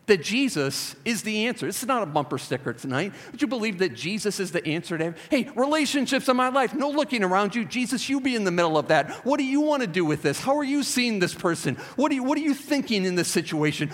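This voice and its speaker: A man preaching a sermon as pastor, emphatic and repetitive, swinging between loud urgent passages and quiet reflective ones. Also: high-pitched, sing-song, fast, hardly any pauses. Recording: long reverb of a large hall.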